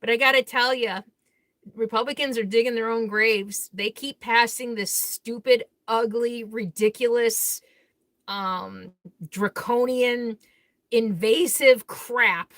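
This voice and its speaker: An RV vlogger hosting a live Q&A, this woman works through viewer comments one after another in casual chat, candid and blunt, laughing easily between thoughts. Her voice is somewhat high and bright and a little slow. The sound is dry and close, with no room echo.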